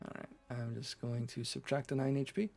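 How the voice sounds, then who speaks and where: A male game master narrates a tabletop session. He talks the players through rolls and damage in a relaxed, step-by-step way. His pitch sits in the middle. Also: normal speed, vocal fry, soft background music. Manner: relaxed, explains rules step by step.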